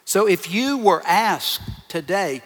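A man preaches a sermon with emphasis, repeating short phrases again and again to his congregation. His high, slightly bright voice takes its time and has lively intonation, and the large hall lends long reverb.

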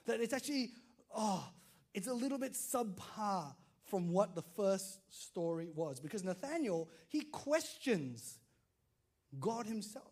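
A man preaching a sermon, telling stories in an animated way, acting out quotes and checking in with listeners. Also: sits high, measured pace, slightly rough. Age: adult father. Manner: animated storytelling, acts out quotes, frequent "right?" to listeners.

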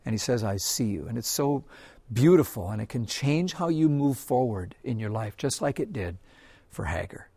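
Guy preaching gentle earnest sermon, middle pitch, dry close sound, goes real soft at times. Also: animated, moderate pace, slightly rough, dry recording. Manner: earnest and gentle, often softening to a hush. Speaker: pastor. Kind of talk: devotional sermon.

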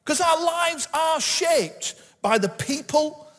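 Middle aged guy preaching, high voice, acts out quotes, big echoey church hall. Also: animated, slow, a bit bright. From England. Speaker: guest pastor. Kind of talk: sermon.

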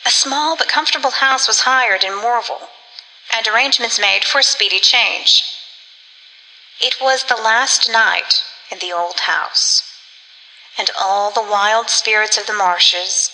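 A woman reading a gothic story aloud as a narrator in measured storytelling. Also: fairly high pitch, sharp tone. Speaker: audiobook narrator. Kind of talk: scripted narration. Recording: long reverb.

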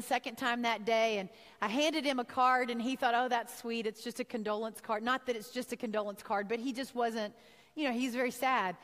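A woman's voice: a little high, a bit bright, long reverb tail. A woman from Texas giving a heartfelt sermon-style talk, telling a personal story and acting out her own thoughts. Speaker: speaker giving a devotional talk.

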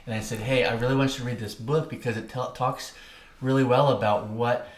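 A middle-aged man co-hosts a casual podcast and tells long, wandering stories, laughing now and then. His voice sits at an ordinary pitch. The room around him is roomy and echoey. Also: fairly even intonation, brisk, a little hiss or hum. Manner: rambling storyteller, laughs often. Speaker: podcast co-host. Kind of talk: casual chat.

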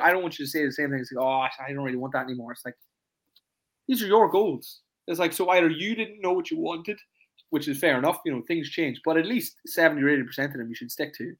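Fast-talking man coaching on a podcast. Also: a little high. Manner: fast, animated, acts out clients in quoted voices; leans on "it's like" a lot. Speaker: fitness coach and podcast host. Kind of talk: casual podcast chat.

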